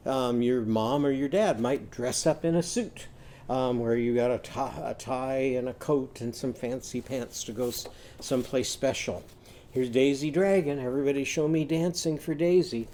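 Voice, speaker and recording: A man teaching a phonics lesson to young children, chanting slowly and gently prompting them to join in. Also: medium pitch. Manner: slow call-and-response chanting.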